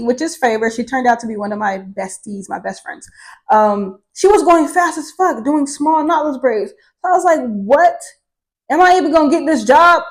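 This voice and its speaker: Casual young woman vlogger, raised pitch, animated and candid, swears a lot. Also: low-quality recording. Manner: candid and profane, swears freely; animated, with laughter. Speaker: vlogger telling her life story. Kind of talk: casual storytelling to camera.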